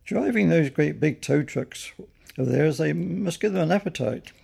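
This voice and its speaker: A man's voice: on the high side, animated, normal speed, gravelly, a little mellow, slightly rough, voice pushed up, full character voice. An older man voicing a chatty, knowing woman at a market in a storybook reading. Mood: gossipy.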